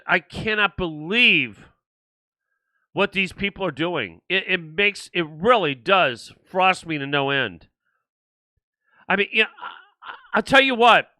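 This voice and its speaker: Older male host ranting on a livestream, indignant and repetitive, with a high, sharp, very bright voice. The sound is close and dry. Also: no echo. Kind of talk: political livestream commentary.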